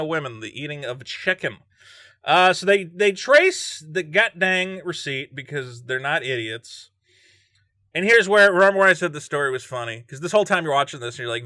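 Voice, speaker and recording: A man's voice: on the high side, sharp tone, dry recording, clean studio sound. A man reading and joking through a true-crime story as a vlogger, laughing often and breaking off into asides. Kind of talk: casual true-crime commentary.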